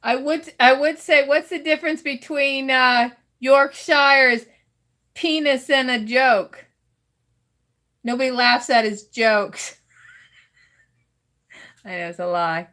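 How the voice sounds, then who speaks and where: A woman's voice: high-pitched, steady tone, slow pace, long pauses, bright, forceful tone. A woman with a Southern US accent reading roast jokes aloud as host, giggling between them and stumbling over her lines.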